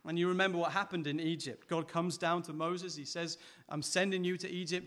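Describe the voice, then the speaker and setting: A man preaching a sermon with a voice that sits a little high. He talks to the congregation in an easy, conversational way and keeps turning points into rhetorical questions for them. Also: fairly even intonation, brisk, hardly any pauses, a bit bright.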